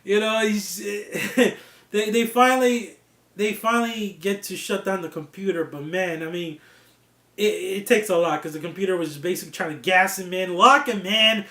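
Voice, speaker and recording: A man giving a casual, excitable review of a TV series, laughing often and swearing freely. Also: high-pitched, moderate pace, reverberant. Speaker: TV show reviewer.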